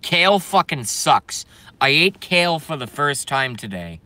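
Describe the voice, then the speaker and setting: A man's voice: on the high side, very animated, unhurried, bright, forceful tone, no room sound. A young man ranting brashly and profanely on a live stream while reading viewer comments.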